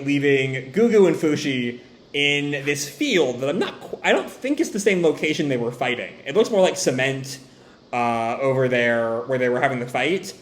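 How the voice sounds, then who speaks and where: An animated man reads a manga chapter aloud and riffs on it. He often laughs and wanders into tangents. His voice sits fairly high, with lively swings, in an echoey room. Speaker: manga reaction host. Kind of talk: casual reading and commentary.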